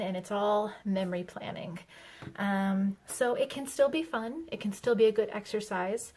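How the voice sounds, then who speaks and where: A young woman talking casually to camera as a planner vlogger, chatty and self-deprecating, hedging often with fillers. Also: medium pitch.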